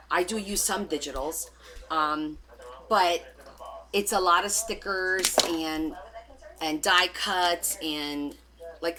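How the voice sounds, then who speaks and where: A woman hosting a live crafting stream, chatting casually and rambling as she answers viewers' comments. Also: mid-range voice.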